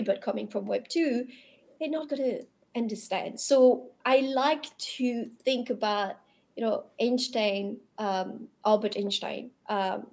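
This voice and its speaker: A woman's voice: fairly high pitch, mellow. A woman with a French accent, a guest in a casual interview, talking animatedly and often repeating words as she searches for the English phrasing.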